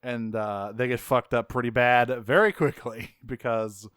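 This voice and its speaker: Man, podcast co-host, laid-back recap, smooth voice, dry close sound. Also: mid-range voice, steady tone, a little slow, fairly bright tone, no room sound. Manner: laid-back, swears, laughs often. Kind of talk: casual chat recapping a cartoon.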